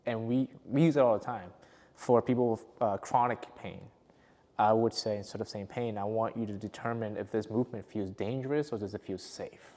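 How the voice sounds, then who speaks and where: A man's voice: on the low side, fairly even intonation, a little fast, warm tone, long reverb tail. A man hosting a podcast, talking enthusiastically and laughing often. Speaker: podcast host, physiotherapist. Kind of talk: casual interview chat.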